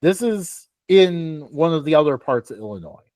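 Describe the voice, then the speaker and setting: A man's voice: on the high side, sing-song, moderate pace, a little mellow, dry recording. Casual young man, dry close mic. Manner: rambling, filler-heavy, laughs often. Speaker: podcast co-host. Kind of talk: casual sports talk.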